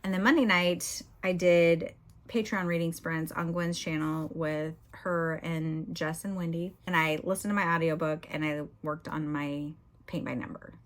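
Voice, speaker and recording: A woman's voice: low voice, steady tone, normal speed. A middle-aged woman chatting candidly in a casual vlog, often using "you know" and "y'all". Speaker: book vlogger.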